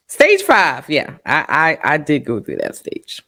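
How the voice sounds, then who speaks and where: A woman's voice: low voice, wildly swooping pitch, unhurried, gravelly, pushed and bright. A middle-aged woman sharing an emotional personal testimony on a talk show, full of fillers and trying not to cry. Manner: emotional, holding back tears, many fillers. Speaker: podcast guest sharing testimony.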